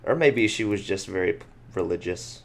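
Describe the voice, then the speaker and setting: A man's voice: low-pitched, normal speed, vocal fry. A young man co-hosting a casual podcast, telling a story with lots of filler "likes" and swearing. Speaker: podcast co-host. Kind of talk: casual chat.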